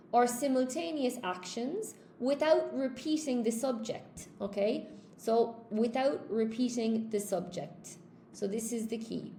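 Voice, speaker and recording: Irish lady from cork doing a live grammar class, kinda high voice, echoey room. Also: warm tone, slight background noise. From Ireland. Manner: chatty, checks in with "okay?" and greets viewers by name. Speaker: English teacher. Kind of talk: live-streamed grammar lesson.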